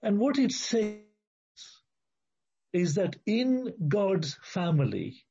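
A man's voice: sits high, big pitch swings, takes it slowly, vocal fry, dark tone, slightly rough. A man preaching an expository sermon, emphatic and repetitive, acting out the quoted speech. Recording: muffled lo-fi recording.

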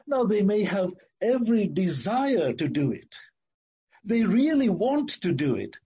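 A man preaching a sermon in an earnest, emphatic way, repeating key phrases and slowing down to stress words. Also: sits high, very animated, warm tone, husky, muffled recording.

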